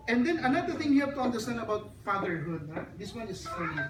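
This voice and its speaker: At a child dedication in a hotel function hall, a woman gives a sermon-like talk with a joke story, earnestly storytelling and addressing the audience directly. Her medium-pitched voice is sing-song and fast. The recording is echoey, with a distant mic and background noise.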